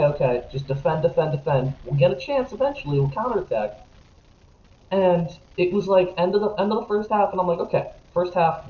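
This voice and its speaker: A young man rants about sports on a casual podcast, his voice jumping all over the place from muttered complaints to sudden yelling. His pitch sits a little high. The audio is dull and echoey, as if from a bare room. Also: a little hiss or hum. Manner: animated, profane, jumps between grumbling and shouting. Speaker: podcast co-host.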